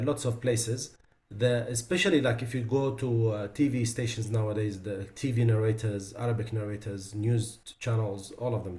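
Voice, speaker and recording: This lecturer's voice sits on the low side and sounds a little mellow. Teaching Quran recitation online, he walks through pronunciation errors, demonstrating each sound slowly and repeating it while drifting into casual asides.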